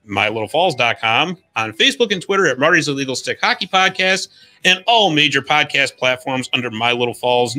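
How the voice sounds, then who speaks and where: A man's voice: fairly high pitch, pushed and bright. A man hosting a hockey podcast, reading a scripted history segment in an upbeat, jokey storytelling way. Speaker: podcast host.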